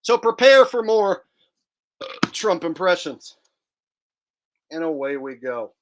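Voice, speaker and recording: A man's voice: sits high, big pitch swings, takes it slowly, background noise. A man hosting a joking live stream commentary, chatting directly to his viewers. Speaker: streamer and host.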